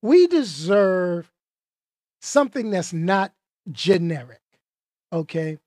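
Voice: mid-range voice, very animated, takes it slowly, a little mellow, no room sound, clean studio sound. A movie reviewer talking casually and emphatically, tossing out rhetorical questions and repeating points for effect.

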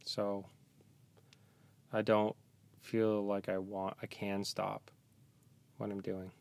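A man who is a parent, talking as a guest on a podcast in a small closet, tired, soft-spoken and halting, with joking asides. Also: fairly low pitch, completely flat delivery, vocal fry. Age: young adult to middle-aged, a parent. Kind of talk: casual podcast chat.

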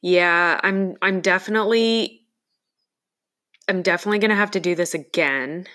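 A woman in casual conversation, telling a personal story in an earnest, reflective way with halting pauses. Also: lowish voice, a bit bright.

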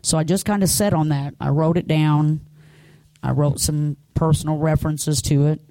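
A woman's voice: sits low, fairly even intonation, moderate pace, mellow, no room sound. Earnest middle-aged woman, dry sound. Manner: earnest, conversational storytelling. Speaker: church speaker giving a testimony. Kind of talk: personal testimony.

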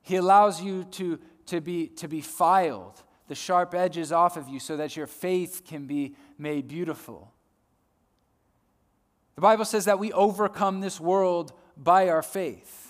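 A male preacher giving a sermon, swinging between loud emphasis and soft hushed lines, often repeating words as he builds a point. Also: high voice, fairly even intonation, a little slow. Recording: long hall reverb.

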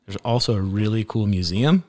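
A young father chatting casually with his little daughter in a playful, gentle, teasing way. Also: fairly low pitch, animated, normal speed.

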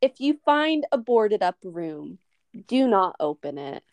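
Smooth-voiced woman recapping a movie. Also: mid-range voice, big pitch swings, slow pace, darkish tone, dry recording. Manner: recaps scenes at length with many fillers. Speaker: podcast co-host. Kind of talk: casual movie review chat.

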